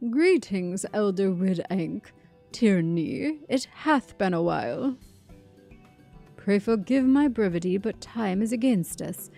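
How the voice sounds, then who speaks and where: A woman's voice: mid-range voice, lively intonation, takes it slowly, vocal fry, mellow, soft background music. A woman reading the lines of a solemn, formal scholar who speaks in archaic language. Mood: earnest. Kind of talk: reading game dialogue aloud.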